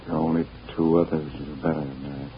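Max, a deep-voiced tough guy. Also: flat delivery, fast talker, background noise. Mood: tender. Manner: slangy, plain tough-guy talk. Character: tough-talking man back from jail, tender with his sweetheart. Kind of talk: 1930s radio drama acting. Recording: dull lo-fi old radio recording.

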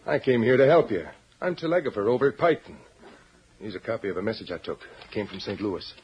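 A man playing a shifty, deep-voiced telegrapher. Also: animated, lo-fi sound, natural voice. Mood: scheming. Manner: blunt, quick, wheedling. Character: shifty small-town telegrapher. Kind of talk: 1940s radio acting. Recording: hissy old radio recording.

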